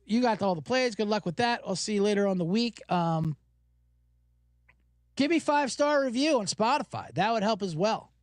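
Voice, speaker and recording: A man hosting a podcast, telling stories in an animated, profane casual rant. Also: high-pitched, normal speed, no room sound. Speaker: podcast host.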